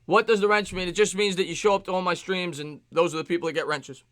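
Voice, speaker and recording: A man hosting a live sports stream, greeting chat viewers by name in quick shout-outs. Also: high-pitched, fairly even intonation, dry recording.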